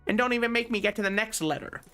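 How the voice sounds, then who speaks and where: A man hamming up a swaggering old-timey radio gangster, pitched well above his normal voice and set back in a strangely altered tone. He leans on every "see?" like a threat, with faint music behind him. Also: quick pace, bright, forceful tone, clean tone. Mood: menacing swagger. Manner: tough-guy drawl, punctuating with "see?".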